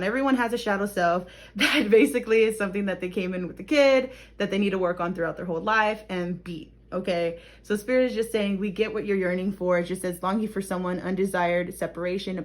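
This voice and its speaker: A young woman talks through a tarot card reading in a relaxed, chatty way. She laughs often and keeps checking in with her listeners. Her pitch sits in a middle range. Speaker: tarot reader. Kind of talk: casual tarot reading to camera.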